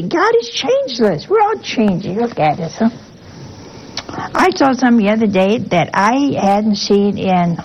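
A woman's voice: on the high side, darkish tone, slight background noise, poor audio. An older religious sister giving an informal sermon in a folksy way, full of rhetorical questions and asides to her listeners. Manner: folksy, asks rhetorical questions with a teasing "huh?".

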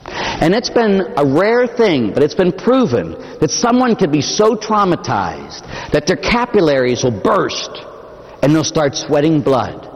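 A priest delivers an impassioned sermon in a big church whose long reverb trails after every phrase. His fairly high voice rises and falls in wide, lively sweeps. He leans hard into emphasis and then drops suddenly to a hush. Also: measured pace. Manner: dramatic, impassioned preaching with sudden swells to shouting and drops to near-whisper. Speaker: Catholic priest.

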